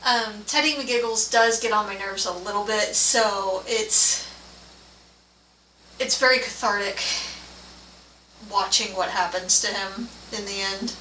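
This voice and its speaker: A woman co-hosting a casual movie review chat. She laughs often and talks in a relaxed, chatty way. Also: mid-range voice, measured pace, pauses often. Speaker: co-host of a movie and tea review show. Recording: roomy, from a distance, faint room noise.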